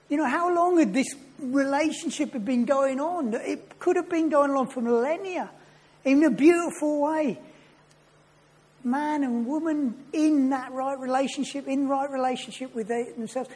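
Earnest male preacher, mellow tone, keeps questioning the congregation. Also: very high voice, measured pace. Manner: earnest, asks the listeners many questions. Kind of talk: sermon.

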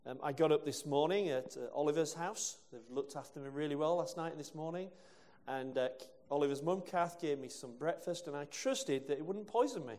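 A man's voice: fairly high pitch, a little fast, few pauses, a little mellow. A male preacher from England giving a conversational sermon with rhetorical questions and asides. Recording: long hall reverb.

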